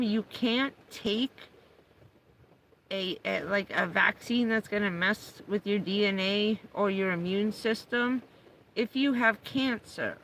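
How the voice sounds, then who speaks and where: A woman's voice: mid-range voice, a bit bright, slight background noise, rough recording. A middle-aged woman chatting casually on a live stream, talking to her dog in a coaxing raised voice and telling stories. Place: parked vehicle on a rainy day.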